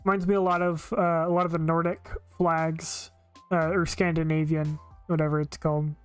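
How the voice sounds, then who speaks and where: A woman's voice: sits low, level tone, normal speed, smooth, soft background music. A woman streaming live, giving blunt, opinionated casual commentary with frequent filler words.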